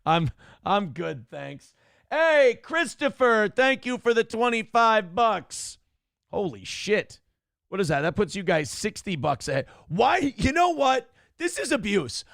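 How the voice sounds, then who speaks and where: A man's voice: high-pitched, big pitch swings, a little slow, vocal fry, a bit bright, no room sound, studio quality. A middle-aged man hosting a livestream morning show, reading out donations in a brash, taunting, profane way. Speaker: host.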